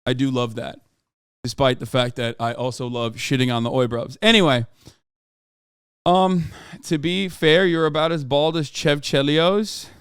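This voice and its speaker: A man's voice: medium pitch, fairly even intonation, measured pace, smooth, no room sound, clean studio sound. A young man, a streamer, chatting casually on a live stream in a rambling, self-correcting way.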